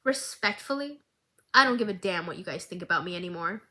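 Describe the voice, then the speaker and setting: A woman's voice: fairly low pitch, animated, brisk, bright, forceful tone, voice pushed down. A woman voicing a defiant young male politician in a blunt, sarcastic manner.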